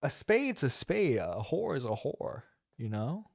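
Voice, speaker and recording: A man's voice: mid-range voice, very animated, measured pace, vocal fry, no room sound, clean studio sound. A man reacting to a livestream clip, laughing and mocking crudely for his chat. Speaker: streamer reacting to clips. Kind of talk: reaction commentary.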